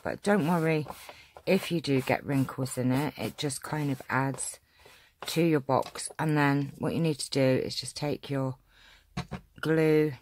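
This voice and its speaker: A woman from England hosting a casual craft tutorial, chatty and homely, slightly hoarse and often clearing her throat. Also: extremely low pitch, darkish tone, slight background noise. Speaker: craft channel host.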